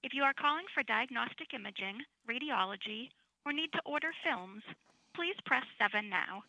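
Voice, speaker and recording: A woman reading automated phone menu prompts in a measured, instructional way. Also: on the high side, expressive, creaky, pushed and bright, dry recording, poor audio.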